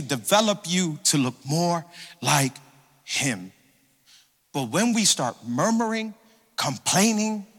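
A man preaching a sermon as a pastor, animated, with a sing-song cadence and call-and-response to the congregation. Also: sits high. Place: church sanctuary. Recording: reverberant hall.

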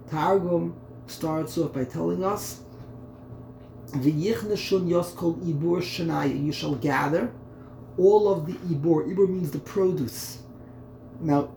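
Working through terms in a text study lesson, a male Torah teacher thinks aloud and repeats words. His voice is slightly high and mellow with vocal fry, and the echoey room carries a faint background hum.

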